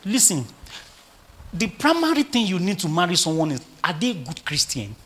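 A male pastor preaching a sermon, animated and full of rhetorical questions to his congregation. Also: high-pitched, moderate pace.

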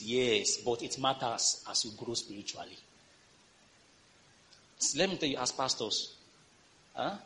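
Animated preaching pastor, man. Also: medium pitch, a little hiss or hum. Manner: lively preaching with call-and-response. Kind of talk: sermon. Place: church.

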